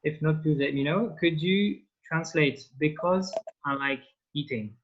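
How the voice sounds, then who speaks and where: A man's voice: fairly high pitch, unhurried. A man whose first language is French, teaching an online language class over a video call, prompting students patiently step by step. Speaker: French tutor. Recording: dull lo-fi call audio.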